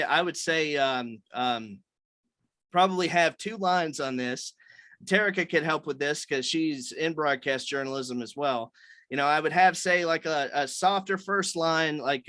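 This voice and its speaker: A man's voice: on the high side, sharp tone, dry recording. A man leading a writers' meeting on a video call, explaining things loosely with many fillers and restarts.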